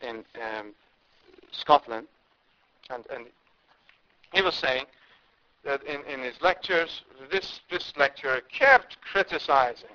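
A man's voice: mid-range voice, expressive, slow, pauses often. A man from India preaching a sermon, impassioned, with emphatic rises and repeated words. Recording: dull lo-fi recording.

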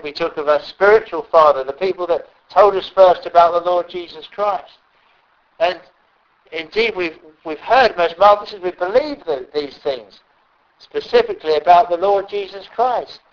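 A man preaching a sermon, often pausing and repeating words as he stresses a point. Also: a little high. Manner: halting, repeats words, emphatic. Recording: dull lo-fi recording.

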